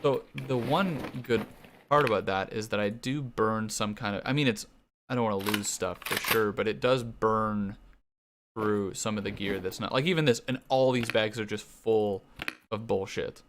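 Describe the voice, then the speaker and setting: A young Canadian man talking loosely while he plays, with a mid-range voice and a relaxed, rambling delivery. He swears often and laughs as he goes, very much an easygoing game streamer. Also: lowish voice, normal speed, noisy background. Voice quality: casual, profane, laughs often. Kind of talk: casual gaming stream chat.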